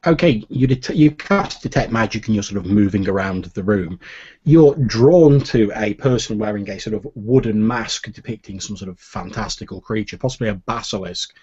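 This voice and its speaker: A man with a low, husky voice narrates as game master of a tabletop game, laying out scenes in a measured way. The recording is slightly dull. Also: expressive, mellow.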